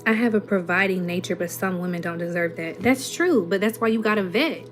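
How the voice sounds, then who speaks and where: A woman's voice: fairly low pitch, brisk, soft background music. A woman in her twenties with a Southern US accent, chatting casually as a host who reads comments aloud and answers them in a blunt, sassy way. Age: 20s. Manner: blunt, sassy, rhetorical questions. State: runny nose. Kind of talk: casual livestream chat.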